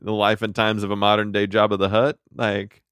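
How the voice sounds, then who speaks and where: A man's voice: on the low side, completely flat delivery, fairly quick, a bit bright, clean tone, no echo, clean studio sound. A man co-hosting a casual podcast, recapping a cartoon episode, laughing easily. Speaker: podcast co-host.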